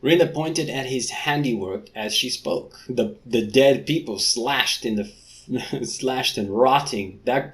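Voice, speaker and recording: A man's voice: medium pitch, darkish tone. A man casually reading a book aloud and breaking off into joking, sweary asides. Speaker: reader.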